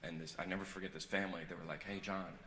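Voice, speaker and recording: A man performing a stand-up comedy set live on stage, moving between quiet earnest confession and loud joking banter with the crowd. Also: deep voice, fairly even intonation, rapid-fire, slight background noise. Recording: echoey venue with loud audience ambience.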